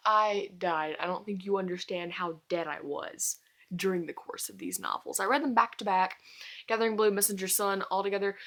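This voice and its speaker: Young woman fangirling over a book series, lots of oh my gosh energy, normal pitch. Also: normal speed, gravelly, fairly bright tone. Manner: gushing, breathless fangirling with many exclamations. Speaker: book vlogger. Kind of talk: excited casual book review.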